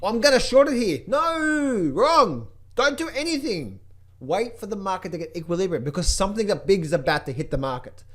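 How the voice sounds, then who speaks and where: Excitable male trading host, lively pitch, slightly high, repetitive and playful. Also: moderate pace. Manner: excitable, repeats phrases, jokey chipmunk impressions. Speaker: trading educator giving a market update. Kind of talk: animated casual market commentary.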